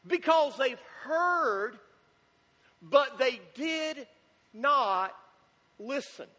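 A man with a strikingly high, bright voice delivers a sermon at a deliberate, slow pace. He hammers points home by repeating them and asking the congregation questions. His words ring out in a reverberant church sanctuary. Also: animated. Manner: emphatic, repetitive preaching with rhetorical questions. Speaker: pastor. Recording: long hall reverb.

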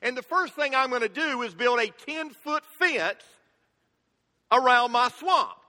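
A man's voice: very high voice, lively intonation, a little slow, pushed and bright, in a large hall, pitched above the performer's own voice, exaggerated voice. A man voicing a grumpy male ogre who sounds blunt, indignant and hurt.

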